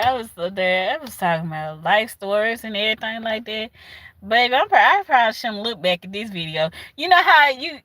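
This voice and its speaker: A woman with a Southern US accent chatting casually with her livestream viewers, animated and laughing often. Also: a little high, dry recording. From southern United States. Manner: animated, laughs often, talks back to chat. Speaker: livestream host.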